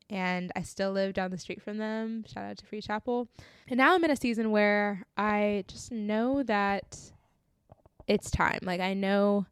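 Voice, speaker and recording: A woman's voice: medium pitch, clear, resonant tone, no echo, studio quality. Earnest young woman sharing her faith story. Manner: earnest, heartfelt, often tearful, says "like" a lot. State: emotional, close to tears. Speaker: podcast host sharing her testimony. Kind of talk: casual faith podcast monologue.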